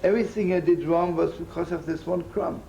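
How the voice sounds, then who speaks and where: A man gives a sermon, weaving jokes and acted-out voices into his stories. His voice sits a little high and has a gravelly, creaky edge. A faint hiss of room noise runs under the live recording. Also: steady tone, fairly quick, rough recording. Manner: warm storyteller, acts out voices in his jokes. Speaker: rabbi giving a talk.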